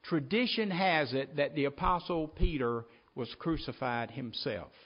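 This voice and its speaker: A man's voice: fairly high pitch, unhurried. A man preaching a sermon, reading scripture aloud and earnestly addressing his listeners as folks. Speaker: pastor. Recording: dull lo-fi recording.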